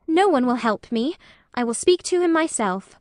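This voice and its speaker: A proud young Englishwoman snaps out short, indignant orders in a voice pitched a little high, as a woman reader gives her voice. It is dry, close storybook reading with no room sound. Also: animated, moderate pace, a little mellow, no room sound. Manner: clipped and indignant. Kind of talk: audiobook reading.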